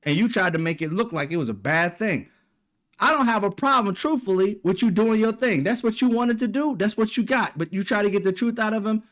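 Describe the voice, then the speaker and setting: A heated man delivering a solo opinion rant. His voice sits high for a man, and he talks bluntly and swears freely. The tone is confrontational and insistent. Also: fairly quick, a bit bright. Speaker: commentary channel host. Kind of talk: ranting opinion monologue.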